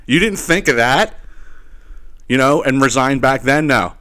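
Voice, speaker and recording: A man hosting a solo podcast, ranting in a profane, animated way with laughing asides and repeated "you know what I mean". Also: mid-range voice, unhurried, pauses often, clean tone. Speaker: podcast host.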